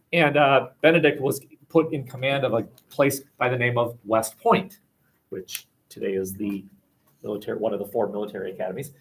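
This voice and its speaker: A man teaching history in a lively classroom lecture, joking and acting out quotes with plenty of fillers. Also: mid-range voice, a little fast. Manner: jokey, acts out quotes, many fillers. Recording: voice from far off the mic in a classroom.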